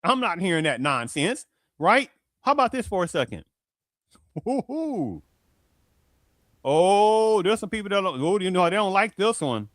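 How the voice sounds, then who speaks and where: A man's voice: sits high, big pitch swings, unhurried, long pauses, fairly bright tone, no echo. A man hosting his own show, talking in a casual commentary monologue and asking rhetorical questions like "right?" again and again. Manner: rhetorical, repeats "right?" and "do you understand that?". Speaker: show host.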